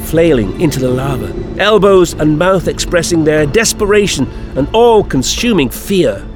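A man narrating an adventure story in an expressive storytelling manner. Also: fairly high pitch, normal speed, music in the background. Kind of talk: audiobook fan-fiction reading.

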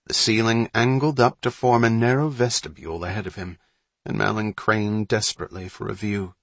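A man narrating a story in a measured, suspenseful reading. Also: on the low side, steady tone, gravelly, fairly bright tone, no echo. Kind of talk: audiobook narration.

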